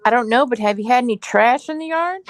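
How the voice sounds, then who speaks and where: A woman in casual chat with a friend, making quick wry remarks. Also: a little high, animated, a little hiss or hum. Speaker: friend co-chatting.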